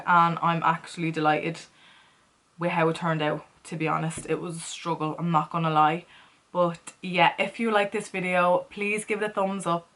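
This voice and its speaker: A woman's voice: lowish voice, a bit bright. A woman chatting casually as she walks through a makeup tutorial, playful and talking to herself as she works. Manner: chatty, playful, talks to herself while working. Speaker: makeup vlogger.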